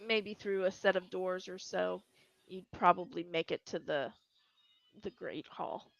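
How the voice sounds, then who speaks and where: A woman's voice: on the low side, steady tone, a little slow, gravelly, no echo. A woman narrating as game master of a tabletop game, hesitant with many fillers, on a dry lo-fi recording.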